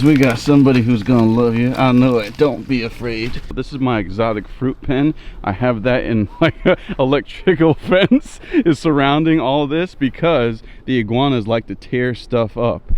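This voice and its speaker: A man vlogging casually outdoors by his backyard pond, filming on a cell phone and chatting excitedly to the camera and to his fish. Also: mid-range voice, muffled recording. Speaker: fishing and fish-keeping vlogger. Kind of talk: casual outdoor vlog narration.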